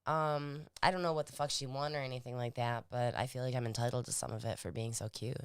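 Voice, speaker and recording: A woman's voice: extremely low pitch, steady tone, fast talker, clear, resonant tone. A young woman co-hosting a show, chatting casually with playful, profane banter. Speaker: podcast co-host. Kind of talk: casual chat.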